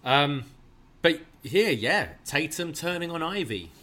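Bright-voiced man chatting about wrestling. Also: fairly high pitch, expressive, slow pace. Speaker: wrestling show co-host. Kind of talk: casual recap chat.

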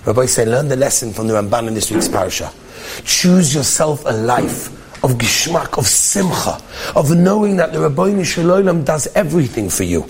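A man's voice: medium pitch, lively intonation, a little fast, slight background noise. A man telling a story with a lesson in an earnest, emphatic way, often repeating himself.

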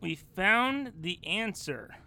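A woman's voice: mid-range voice, very animated, slow pace, bright, forceful tone. A woman in casual, improvised comedy chat who giggles and trails off with fillers as she spins out a story.

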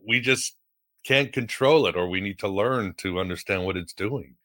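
A man hosting a podcast, with a fairly low voice that still carries a bright, forward edge. He muses aloud and hesitates with frequent fillers, now and then letting out a light chuckle. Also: normal speed. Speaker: podcast host. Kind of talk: casual podcast interview.

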